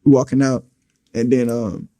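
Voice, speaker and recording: Dark-voiced young man telling a story. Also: medium pitch, little pitch movement, moderate pace. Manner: blunt, profane, recounting events with acted quotes. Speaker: storyteller in an interview clip. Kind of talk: casual street storytelling.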